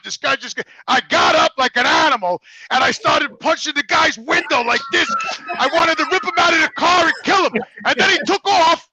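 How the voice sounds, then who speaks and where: A man with a very high, piercingly bright voice spins crude, rambling stories in casual podcast chat. He acts out every scene and swears as he goes. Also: no room sound, low-quality recording. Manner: animated, crude storyteller who acts out scenes. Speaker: show regular.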